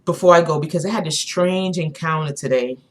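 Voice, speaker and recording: A woman's voice: sits low, brisk. A woman co-hosting a casual spiritual chat, rambling with many fillers and restarts. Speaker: channel co-host.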